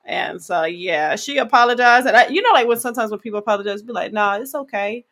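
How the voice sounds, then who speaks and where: A woman co-hosting a casual podcast, telling stories in an animated, slangy way and talking to her listeners. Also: on the high side, quick pace. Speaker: podcast co-host. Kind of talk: casual chat, storytelling.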